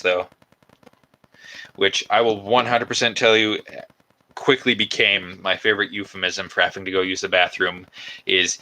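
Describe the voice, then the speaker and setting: A man's voice: sits low, flat delivery, normal speed, pauses often, sharp tone, poor audio. A man chatting casually on a livestream while he builds a costume by hand, rambling and chatty with lots of fillers. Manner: talks while working with his hands. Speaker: cosplay maker streaming his build.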